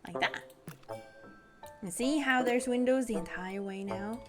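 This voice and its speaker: A young woman with a fairly high voice takes things a little slowly as she streams a building game, music playing in the background. She giggles a lot and chats bubbly and casually, describing her own moves aloud.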